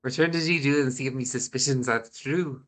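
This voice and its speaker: A congested man reading a gruff sailor in a Scottish accent, with blustery old-fashioned seafarer talk. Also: mid-range voice, a little fast, soft background music, natural voice. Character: gruff male sailor in a seaside camp.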